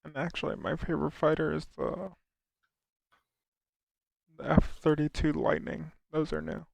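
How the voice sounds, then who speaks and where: Young guy streamer, casual chat, raised pitch, gravelly, dry. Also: lively intonation, moderate pace, dry recording. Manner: laid-back, chuckling, answers chat questions. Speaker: livestreamer and air force airman.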